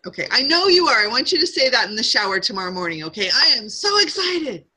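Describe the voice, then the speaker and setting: A woman's voice: medium pitch, sing-song, racing, bright, forceful tone, slight background noise, poor audio. A middle-aged woman leading a live sales training session, upbeat and coaching, drawing call-and-response from her group.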